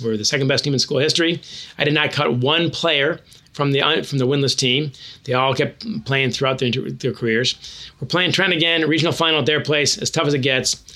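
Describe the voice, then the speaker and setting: A former hockey coach turned author answers interview questions in a medium-pitched voice. He's animated and tells self-deprecating anecdotes.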